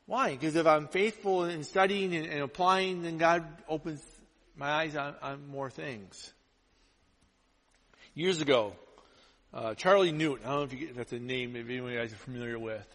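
Animated male pastor in a reverberant hall. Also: a little high, normal speed. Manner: animated storytelling, acts out quotes. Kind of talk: sermon.

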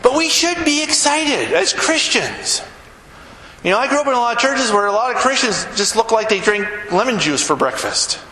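A man preaching a folksy, animated sermon to his congregation, joking and reading scripture. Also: extremely high pitch, normal speed, reverberant, in a large hall, a little hiss or hum, low-quality recording. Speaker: pastor. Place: church sanctuary.

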